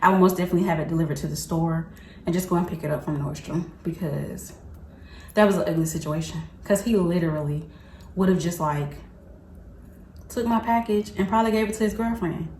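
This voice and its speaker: A woman's voice: fairly low pitch, fairly quick, a little hiss or hum. Chatty woman vlogger in an echoey room. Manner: animated, slangy and chatty, often laughing. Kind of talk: casual storytelling to camera.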